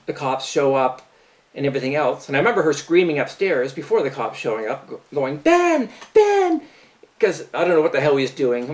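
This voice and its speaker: A middle-aged man vlogging, casually retelling a personal story in a profane, incredulous way. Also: mid-range voice.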